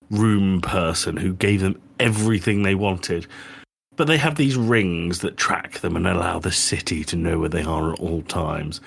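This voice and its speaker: Ranting British man, husky voice. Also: low-pitched. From Britain. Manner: exasperated ranting, sweary, mimics scenes. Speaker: podcast co-host. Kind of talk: casual chat, film review.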